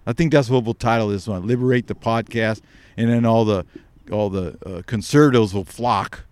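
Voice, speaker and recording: A man's voice: lowish voice, moderate pace, darkish tone, clear, resonant tone, dry recording. A man co-hosting a podcast, telling rambling stories in casual chat and laughing as he goes. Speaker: podcast co-host.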